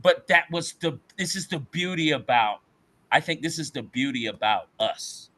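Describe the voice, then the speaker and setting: Animated slangy man, bright voice. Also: on the high side, moderate pace. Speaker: podcast guest. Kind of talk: casual chat.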